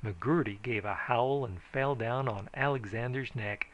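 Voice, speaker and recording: A man reading a frontier tall tale aloud as an audiobook, in a folksy first-person telling that rises to shouts for the characters. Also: medium pitch, measured pace, muffled recording, a little hiss or hum. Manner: folksy first-person storytelling, raising his voice for shouted lines. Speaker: audiobook narrator.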